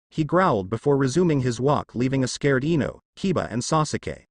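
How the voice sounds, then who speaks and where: A man narrating a fanfiction story in an expressive reading. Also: mid-range voice, brisk, few pauses, no echo.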